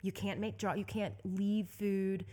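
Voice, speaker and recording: A young woman from Southeast Texas telling a story as an interview guest, animated and laughing often. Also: medium pitch, measured pace. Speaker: guest, endurance bike racer.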